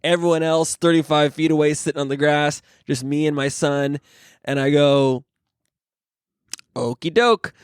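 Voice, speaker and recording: A man's voice: on the high side, fairly even intonation, measured pace, smooth, dry recording. Podcast co-host, young adult man, rambling anecdote teller, dry studio mic. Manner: rambling storyteller, laughs mid-sentence, swears. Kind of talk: casual chat.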